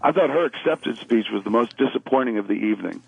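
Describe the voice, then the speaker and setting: A man calling in to a radio show, rambling and animated, acting out little quoted voices as he tells his stories. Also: medium pitch, fast, creaky, slightly rough, dry recording. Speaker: caller. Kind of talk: casual radio chat. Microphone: phone call. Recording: tinny phone line.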